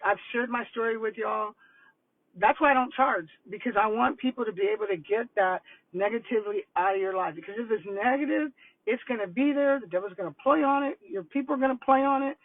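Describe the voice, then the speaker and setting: An older woman coaching on vision boards, telling stories in a casual, animated, rambling way. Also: a little high, brisk, no room sound. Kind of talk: casual livestream talk. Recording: tinny phone-like line, dry.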